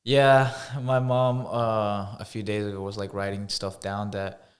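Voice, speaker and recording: A young man in casual conversation, soft-spoken and hesitant, with many filler words. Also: on the low side, little pitch movement, a little slow. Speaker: podcast co-host. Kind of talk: casual chat.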